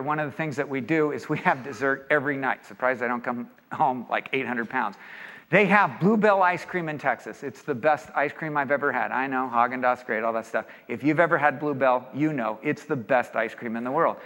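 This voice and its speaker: A man from California speaking to an audience, an animated and jokey storyteller, in an echoey hall. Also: medium pitch. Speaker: speaker leading a seminar or sermon. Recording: echoey hall with long reverb.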